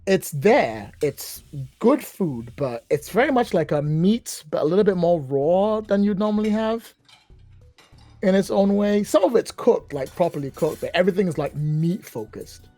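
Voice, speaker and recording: A man's voice: high voice, expressive, normal speed, warm tone, no room sound, soft background music. A man running a tabletop game, chatty and self-mocking. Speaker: game master.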